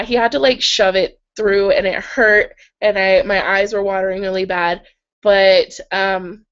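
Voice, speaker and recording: A woman's voice: mid-range voice, fairly bright tone, highs cut off. A young woman hosting a casual live hangout from her bed, chatting and giggling through viewer comments with lots of "like"s, her throat a little sore. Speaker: livestream host reading viewer comments. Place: in bed at home.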